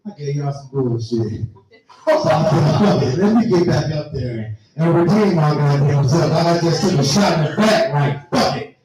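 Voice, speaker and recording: Man, laid-back rambling stand-up story, raunchy, fairly high voice, far from mic. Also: lively intonation, normal speed, over a noisy crowd. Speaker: stand-up comedian. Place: comedy venue stage. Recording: echoey live room, mic from afar.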